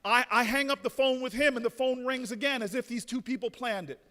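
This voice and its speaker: A man telling a story in a rousing convention speech, often restarting with repeated words and building to shouted peaks. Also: very high voice, fairly quick. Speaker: speaker at a convention. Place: large hotel ballroom. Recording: reverberant ballroom.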